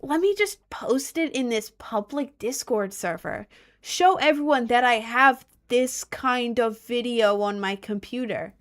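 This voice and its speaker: A woman's voice: fairly high pitch, unhurried, voice pushed up, close to an everyday voice. A smug young internet nerd drips with mocking, exaggerated sarcasm, as a woman streamer puts him on. Every line lands as an over-the-top jab. He sounds pleased with himself and talks down to everyone. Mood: sarcastic.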